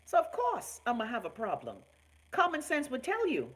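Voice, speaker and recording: A woman's voice: fairly high pitch, huge pitch swings, normal speed, husky, rough recording. A woman from the Bahamas with a Bahamian accent, hosting a live online talk show in an outspoken, profane, casual style while reacting to viewer comments. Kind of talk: casual live-stream rant.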